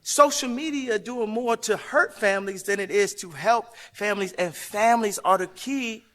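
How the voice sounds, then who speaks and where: This interview guest has a high voice with a fairly bright tone and talks at normal speed. His delivery is emphatic and sermon-like, full of passion, and he wanders between ideas with bursts of laughter.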